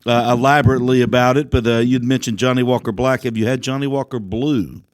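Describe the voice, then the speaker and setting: A man's voice: medium pitch, fairly even intonation, fast talker, no room sound. A man hosting a podcast, asking friendly questions in a casual chat. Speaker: podcast host.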